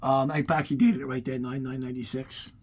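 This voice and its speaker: A man's voice: medium pitch, fast. A man tells rambling, profane stories while giving a casual tour of his collection. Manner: rambling, profane, animated anecdotes. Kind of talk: casual storytelling to camera.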